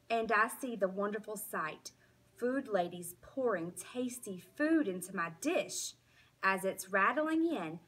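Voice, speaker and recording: Teacher lady reading a kids book, slow and expressive, bit breathy. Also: a little high. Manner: slow, expressive, animated storytelling. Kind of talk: children's storybook read-aloud.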